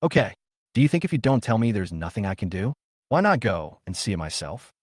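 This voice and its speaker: An earnest, caring teenage schoolboy, read by a man narrating a comic recap. His lines lift a bit higher than plain talk and move with lively rises and falls. The sound is dry and close. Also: brisk, no room sound. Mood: concerned. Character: young male student, caring friend.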